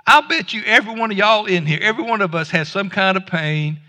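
A male pastor delivers a casual, down-home sermon, tripping over and restarting his words as he goes. His voice sits high and sounds bright and forceful. It rings out with the long reverb of a church hall. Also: expressive, fast. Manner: conversational, folksy preaching with stammered restarts. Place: church sanctuary.

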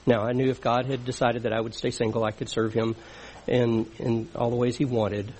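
A man's voice: medium pitch, little pitch movement, moderate pace, a little mellow, a little hiss or hum, low-quality recording. A middle-aged man preaching a sermon in an earnest, conversational teaching manner.

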